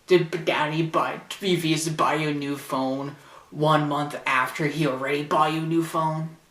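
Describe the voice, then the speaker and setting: A man's voice: fairly high pitch, fairly even intonation, moderate pace, a bit bright, reverberant, far from the mic. A teenage boy ranting sarcastically and indignantly into a camcorder in his bedroom. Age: teens. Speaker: vlogger. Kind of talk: ranting vlog. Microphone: camcorder mic.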